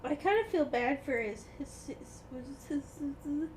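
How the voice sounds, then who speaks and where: A woman's voice: sits high, moderate pace, darkish tone, slight background noise. A woman co-hosting a podcast in casual chat, playful and laughing often. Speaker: podcast co-host.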